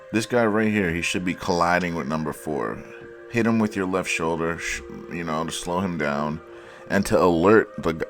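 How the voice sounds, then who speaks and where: A man's voice: deep voice, fairly bright tone. A man giving a casual, sarcastic breakdown of football plays, mocking the mistakes bluntly as he analyzes the film.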